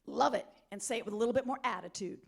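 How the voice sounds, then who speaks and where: A middle-aged woman giving an energetic, interactive motivational talk at a conference, coaxing volunteers from the audience. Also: a little high, racing, creaky. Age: middle-aged or older. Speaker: conference keynote speaker. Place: conference hall.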